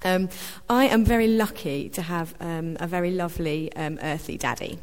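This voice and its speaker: A woman's voice: lowish voice, fairly even intonation, normal speed, smooth. A woman sharing a prophetic word with her church in an informal testimony, hesitant and full of ums. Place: church hall. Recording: reverberant church hall.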